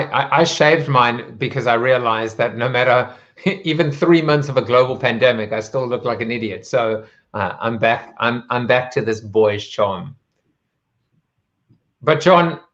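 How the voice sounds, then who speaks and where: A man hosting a casual video-call interview, talking in a halting way with many fillers and restarts. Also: medium pitch, fairly bright tone, muffled recording. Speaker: host.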